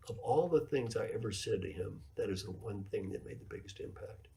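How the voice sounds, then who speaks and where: A man's voice: on the low side, animated, a little fast, few pauses, mellow. A man in his seventies, an executive coach giving a keynote lecture, telling stories and repeating his key points for emphasis. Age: 70s.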